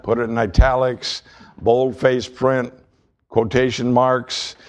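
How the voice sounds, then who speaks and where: A man preaching a sermon as pastor, reading scripture aloud in a measured way and slowing down on key words. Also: on the low side, darkish tone. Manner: reads scripture and quotes aloud.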